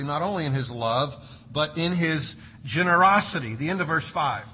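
A man's voice: a little high, normal speed, sharp tone, a little hiss or hum, rough recording. A man preaching an expository sermon, reading scripture and explaining it with emphatic, varied delivery. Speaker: pastor.

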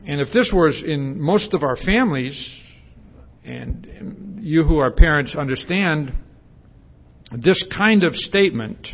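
A man's voice: fairly high pitch, dull audio. A man preaching a sermon in a conversational way, with many fillers and restarts, and asking the congregation questions.

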